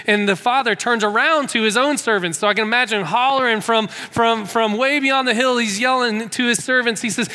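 High bright-voiced male preacher. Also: normal speed, hardly any pauses, big-room sound. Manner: storytelling, repeats words when restarting. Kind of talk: sermon.

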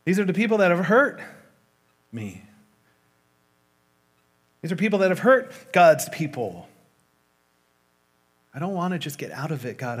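A man preaching a sermon in a conversational way, retelling a story with lively asides. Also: fairly high pitch, a little slow, long pauses, husky.

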